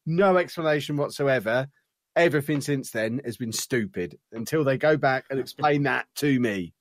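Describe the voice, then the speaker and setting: A man's voice: mid-range voice, normal speed, no echo. Dry-voiced man with sardonic quips. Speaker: podcast co-host. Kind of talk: casual chat.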